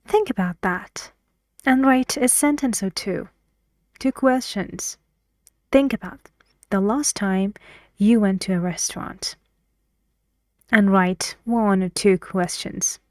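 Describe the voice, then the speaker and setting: In a mid-range voice with no echo, a woman teaches an English pronunciation lesson slowly and deliberately, saying each word several times and occasionally dropping to a soft whisper.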